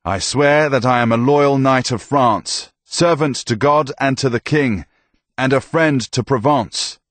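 A man's voice: medium pitch, a little slow, fairly bright tone, dry recording, voice pushed up, close to an everyday voice. A man voicing an earnest young knight who swears his innocence emphatically.

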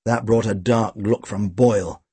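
A man narrating a storybook with a dry, wry, expressive delivery. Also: fairly low pitch, a little slow, breathy edge, no room sound. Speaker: audiobook reader.

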